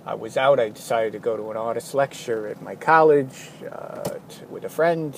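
A man's voice: medium pitch, moderate pace, creaky. A tired man rambling casually through a vlog, wandering off on self-mocking tangents. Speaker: vlogger. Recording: steady traffic noise behind.

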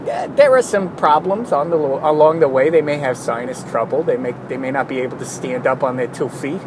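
A man's voice: on the high side, fairly quick. Tired rambling man, traffic noise. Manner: tired, rambling, self-mocking, tangents. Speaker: vlogger. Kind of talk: casual rambling vlog. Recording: steady traffic noise behind.

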